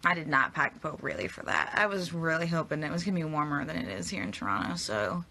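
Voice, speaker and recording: A woman's voice: deep voice, sing-song, fast, vocal fry, sharp tone, a little hiss or hum. Tired, chatty young woman on a phone stream. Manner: chatty, upbeat, reads and answers comments. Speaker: actress on a livestream. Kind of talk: casual livestream chat reading comments.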